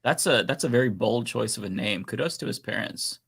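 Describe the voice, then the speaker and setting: Man, gravelly voice, mid pitch, easygoing, panel chat. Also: brisk. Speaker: podcast co-host.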